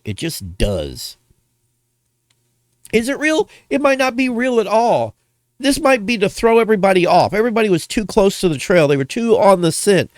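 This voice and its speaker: A man hosting a gaming video, ranting casually in an animated, rambling way and tossing out playful insults. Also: high-pitched, no echo.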